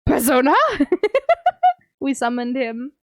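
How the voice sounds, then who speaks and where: A woman's voice: high voice, fairly even intonation, takes it slowly, no echo, studio quality. A young woman livestreaming, chatting casually with viewers, reading messages aloud and laughing often. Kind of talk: casual chat with stream viewers.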